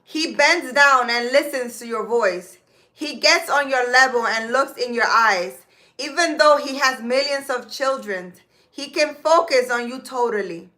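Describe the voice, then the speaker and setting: A woman, a spiritual healer, talking casually and reading scripture aloud slowly and emphatically, with occasional swearing and Spanish words. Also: high-pitched, sharp tone. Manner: slow deliberate reading.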